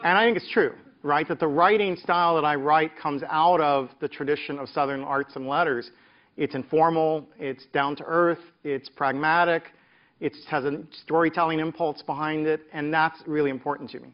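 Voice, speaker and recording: A man's voice: a little high, steady tone, moderate pace, dull audio. A middle-aged man from the American South, a professor telling stories from his career in an interview, with the rising cadences of a preacher. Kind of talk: reflective interview talk.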